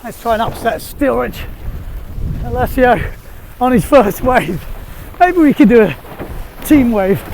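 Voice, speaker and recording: A windsurfer, a man, narrates his session as he rides, in a very high, light voice. He chats eagerly and laughs often, picked up by a camera mic on his rig. A faint rush of wind sits under his words. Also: unhurried, vocal fry, long pauses. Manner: chatty, excitable, laughs often. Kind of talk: casual running commentary while riding. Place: outdoors on the sea, windsurfing. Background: wind noise.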